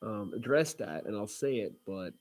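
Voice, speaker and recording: A man's voice: fairly low pitch, animated, normal speed, a little mellow. Rambling casual man on a livestream. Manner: rambling, frequent fillers and restarts, blunt and cursing. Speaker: livestream host reading viewer comments.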